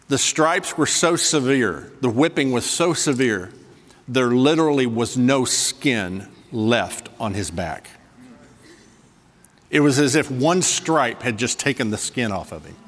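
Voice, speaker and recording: A man preaching a sermon to a congregation, switching between slow, soft emphasis and quick conversational asides. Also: mid-range voice, long reverb tail. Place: church sanctuary with a congregation.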